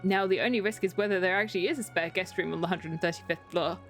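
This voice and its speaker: A woman's voice: lowish voice, steady tone, quick pace, a bit bright, soft background music. A British woman streaming a game, reading dialogue aloud and giggling between lines. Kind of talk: casual game stream commentary.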